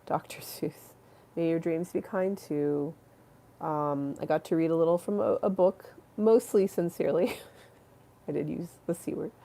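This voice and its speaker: A young woman with a low, gravelly voice chats casually to her livestream viewers. She rambles with lots of fillers and restarts, and her tone stays affectionate. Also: unhurried, mellow. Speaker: livestream host.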